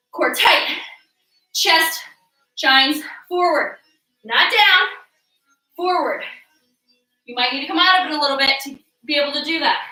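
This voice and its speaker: A woman fitness instructor coaching a workout class, energetic and encouraging, whooping and cheering, out of breath from exercising along. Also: extremely high pitch. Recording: echoey room, mic at a distance.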